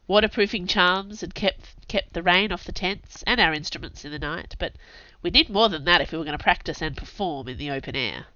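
A woman narrates a first-person novel with wry, sardonic humor. Her voice is bright and slightly low-pitched, with lively swings in pitch. The recording is dry and a little dull. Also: brisk, few pauses, dry recording. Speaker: audiobook narrator.

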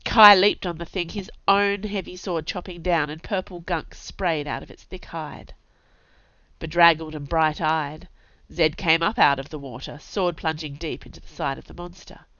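A woman with a fairly low voice narrates a story aloud at an even, steady pace. The recording is dry and close, with a dull, lo-fi tone. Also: moderate pace, no echo. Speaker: audiobook narrator.

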